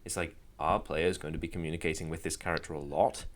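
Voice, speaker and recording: A man with a very low voice chats casually as a podcast co-host. He rambles a little and slips in dry jokes at his own expense. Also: steady tone, quick pace. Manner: rambling, dry self-deprecating humor. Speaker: podcast co-host and game master. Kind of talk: casual chat.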